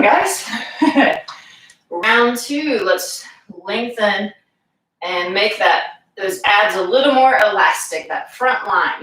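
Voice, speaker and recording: A woman fitness instructor leading a live exercise class, calmly giving cues and counting reps aloud. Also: medium pitch. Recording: echoey room, voice from far off.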